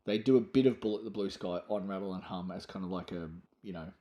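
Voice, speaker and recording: A man's voice: deep voice, fast talker, dark tone, lo-fi sound. A middle-aged man from Australia co-hosting a podcast in casual, jokey banter, laughing often and singing misheard lyrics. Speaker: podcast co-host.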